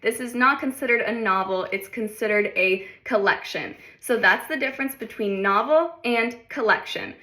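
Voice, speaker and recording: A woman from Texas with a Southern accent, explaining English words in short lesson clips. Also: on the high side. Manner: clear, explanatory. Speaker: English teacher. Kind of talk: short English-tip reels.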